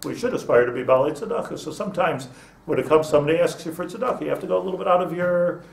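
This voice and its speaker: This rabbi talks very fast with a gravelly, somewhat high voice while teaching students an informal Torah lesson. His phrasing is chatty, full of restarts and Hebrew words. The mic sits at a distance in an echoing room.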